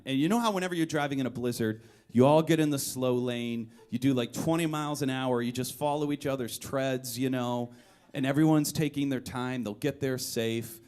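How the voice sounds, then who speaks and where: Performing on a club stage at a live music venue, a young man acts out a one-man comedy story with lots of energy. Quoted people get shouted lines or high-pitched voices, and the audience responds with laughter.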